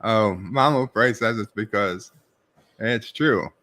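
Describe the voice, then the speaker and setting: Reviewing a TV episode on his live stream, a middle-aged man with a New York accent reads viewer chat aloud and answers offhandedly. He speaks slowly in a fairly low pitch, his tone bright and forceful.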